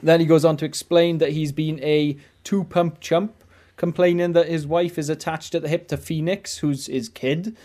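A man's voice: on the high side, steady tone, normal speed, few pauses, mellow. A man hosting a casual chat, rambling through a story with many fillers and restarts. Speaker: podcast host. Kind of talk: casual chat, recounting news.

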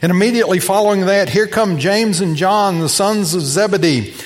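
Man, pastor, sermon, high voice, echoing hall, acts out voices, loud and soft turns. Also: normal speed. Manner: storytelling preacher acting out voices, shifting loud and soft. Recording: long reverb of a hall.

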